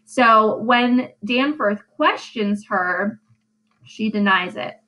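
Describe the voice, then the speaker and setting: A woman teacher talks through a recorded lesson recap in a casual, chatty way, often checking in with her listeners. Her voice sits fairly high. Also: slow pace, pushed and bright, poor audio. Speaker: English teacher.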